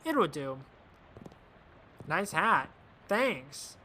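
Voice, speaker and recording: A man's voice: fairly high pitch, big pitch swings, unhurried, sharp tone. Man streaming a game, reading text aloud. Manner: casual, reads narration aloud and comments dryly. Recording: noisy background.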